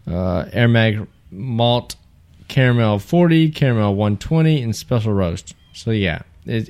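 A man's voice: fairly low pitch, a little mellow. A man in casual podcast chat, loosely explaining a homebrew recipe with jokes and restarts. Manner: loose and joking, with frequent restarts.

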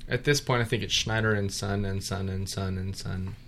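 A man's voice: lowish voice, steady tone, moderate pace, fairly bright tone, slight background noise. A man co-hosting a casual beer-tasting podcast, easygoing and jokey, trailing off with fillers. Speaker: podcast co-host.

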